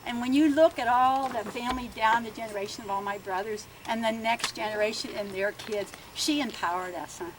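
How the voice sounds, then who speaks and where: Amid background noise, an older woman with a slightly high voice talks fairly quickly with few pauses. She's a family speaker from Bellevue, Pennsylvania, giving a ceremony speech with stories at an outdoor garden land dedication, chatting, laughing and frequently ending sentences with "huh?"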